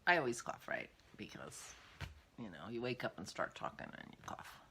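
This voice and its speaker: A woman's voice: rumbling low, sing-song, normal speed, vocal fry, pushed and bright, slight background noise. An older woman hosting a casual vlog, chatting in a rambling way as she thinks aloud. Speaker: podcast host.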